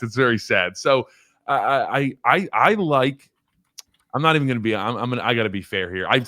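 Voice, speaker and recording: Man, former lineman, casual sports podcast chat, lowish voice, rambling with repeated words, dry close sound. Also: a bit bright, no echo. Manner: rambling, self-deprecating, laughs while telling stories. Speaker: former college offensive lineman, guest.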